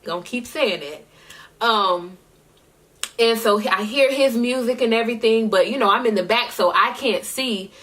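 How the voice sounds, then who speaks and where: A woman's voice: a little high, moderate pace, far from the mic. Chatty woman, a bit off-mic. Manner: chatty, rambling, full of fillers and shout-outs. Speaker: singer recapping her year. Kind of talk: casual storytelling vlog.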